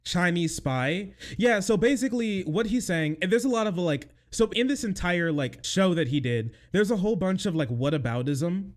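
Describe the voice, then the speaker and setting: Sarcastic high-voiced young man. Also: lively intonation, moderate pace, few pauses. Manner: sarcastic, laughs often, swears. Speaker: streamer reacting to a video. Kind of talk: mocking live reaction commentary.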